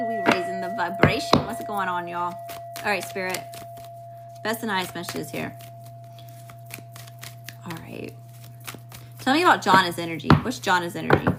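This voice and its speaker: A tarot card reader on a live stream draws cards while addressing spirit, chatting easily and welcoming people in the chat. She has a fairly low, sharp-toned voice, and there's slight background noise.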